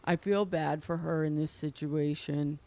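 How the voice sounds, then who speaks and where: A woman's voice: sits low, fairly even intonation, measured pace, darkish tone, no room sound. A woman hosting a casual podcast chat show, talking freely and laughing often.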